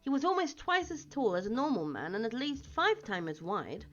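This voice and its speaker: A woman reading a novel aloud in an expressive way, with small slips, on a dull lo-fi recording with faint music. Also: on the high side, moderate pace, a little hiss or hum. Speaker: reader.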